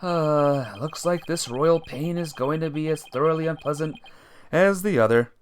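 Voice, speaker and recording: A man's voice: fairly high pitch, normal speed, slight background noise, close to an everyday voice. A man voicing an earnest, flustered male defense attorney from a courtroom game, with exasperated retorts.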